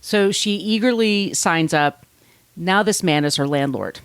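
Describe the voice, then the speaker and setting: A woman podcast host telling a true-crime story in a casual, animated way, often acting out what people said and swearing freely. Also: on the low side, measured pace, clear, resonant tone, dry recording. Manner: chatty, animated, acts out quotes, swears freely.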